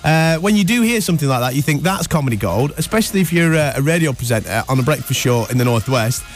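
Brief: male breakfast radio host, fairly high voice, jokey chatty storyteller, faint music behind. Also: fast. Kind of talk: casual radio banter. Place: radio studio.

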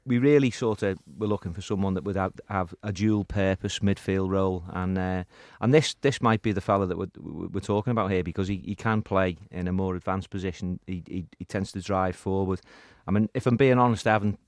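A man weighs up a football topic on a podcast panel, choosing his words carefully. His voice sits low. The sound is dry and close. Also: darkish tone, no echo. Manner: measured, thoughtful, hedging. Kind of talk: casual football chat.

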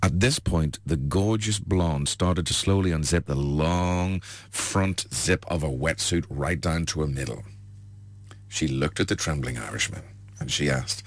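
A man's voice: rumbling low, a little slow, no echo. A man telling long jokes, passed off as true stories, in a rambling way full of fillers. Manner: rambling, filler-heavy, chuckling. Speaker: joke teller.

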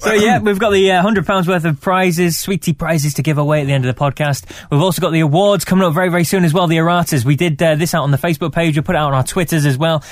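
A man's voice: fairly high pitch, fairly even intonation, quick pace, hardly any pauses, dry recording. A man co-hosting a podcast from a studio, upbeat and presenter-like, teasing his partner. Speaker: podcast co-host. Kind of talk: casual chat. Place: radio studio.

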